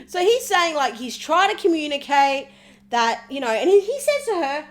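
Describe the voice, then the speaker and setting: A woman with a high, bright-pitched voice recaps a reality TV episode in a gossipy way. She is animated and sarcastic and keeps slipping into mimicry of the people she discusses. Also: measured pace.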